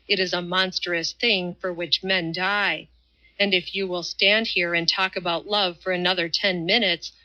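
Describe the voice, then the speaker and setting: Audiobook role: woman reading a zealous Highland duelist, solemn and preachy, slightly low voice. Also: sharp tone, muffled recording. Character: fierce devout Highland swordsman, grown man.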